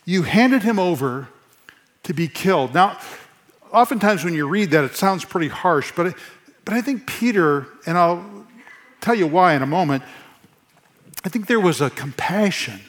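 A man preaching a sermon to his congregation in church, earnest, repeating phrases for emphasis and dropping to a soft hush. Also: high voice, animated, a little slow, pauses often. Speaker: pastor.

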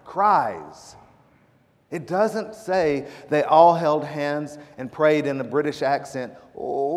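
A male pastor preaching a sermon in a church, swinging between loud emphatic lines and hushed prayer. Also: fairly high pitch. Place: church sanctuary. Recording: long church hall reverb.

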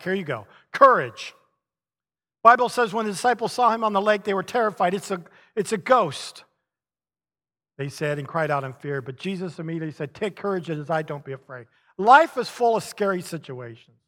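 A middle-aged man preaching a sermon, telling stories with chuckles and lively emphasis. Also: sits high. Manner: animated storytelling with chuckles. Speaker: pastor. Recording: long reverb of a large hall.

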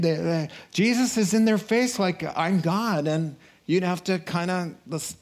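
Animated man preaching a sermon. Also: fairly high pitch. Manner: animated, acts out crowd voices, rises to excited outbursts.

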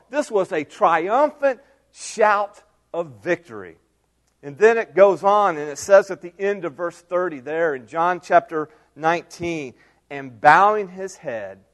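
High-voiced man preaching a sermon. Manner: animated preaching, shifts between soft asides and raised emphasis. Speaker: pastor.

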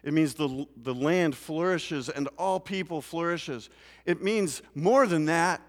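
A man preaching a sermon in a church, moving from quiet scripture reading to loud, rising emphasis. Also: a little high, measured pace. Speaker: pastor. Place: church sanctuary. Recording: long church reverb.

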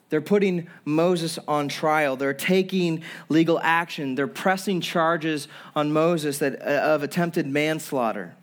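A man's voice: a little high, slow pace, few pauses. A young man preaching a sermon as pastor, earnest, with frequent restarts and acting out people's complaints. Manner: earnest preaching with repeated restarts and acted-out quotes.

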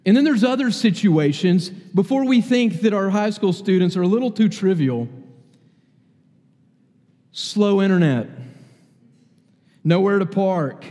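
Guy preaching, kinda high voice but mellow, tells stories and does the voices, big echoey hall. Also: animated, measured pace, long pauses. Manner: storytelling, acts out quotes in varied voices. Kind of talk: sermon. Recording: long hall reverb.

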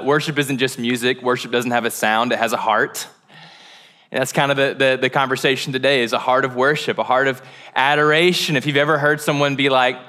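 A man's voice: mid-range voice, pushed and bright. A male pastor preaching a sermon in a casual, joking, conversational way, with a lilt. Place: church sanctuary.

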